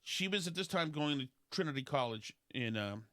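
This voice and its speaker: A man, hosting a casual podcast and telling rambling stories in which he mimics other people in high voices. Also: expressive, normal speed, fairly bright tone. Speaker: podcast host. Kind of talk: casual talk show banter.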